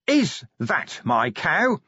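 A man's voice: fairly high pitch, huge pitch swings, extremely slow, pushed and bright, slightly rough, no echo, highs cut off, voice pushed up, full character voice. Man voicing a delirious wailing watchman. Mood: dazed wailing. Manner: dazed, wailing, childlike sing-song repetition. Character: delirious battered middle-aged male watchman, desperate.

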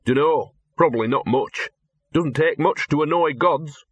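A man's voice: fairly high pitch, a little slow, slightly rough, dry recording, highs cut off, voice pushed up. A man voicing a scruffy, streetwise talking dog who grumbles and drawls in working-class dialect, read from an audiobook. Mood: wry.

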